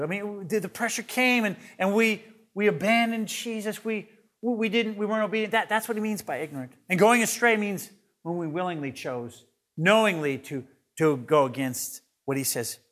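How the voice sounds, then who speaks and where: A male pastor preaches earnestly in a high voice, repeating words as he builds each point. He shifts between loud emphasis and soft, hushed lines.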